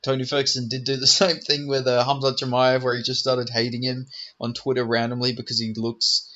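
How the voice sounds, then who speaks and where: A man's voice: medium pitch, completely flat delivery, brisk, sharp tone, slight background noise. Guy rambling and cussing thru an mma preview, kinda muffled lo-fi sound. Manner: rambling, profane, joking. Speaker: MMA commentator. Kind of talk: casual fight preview commentary.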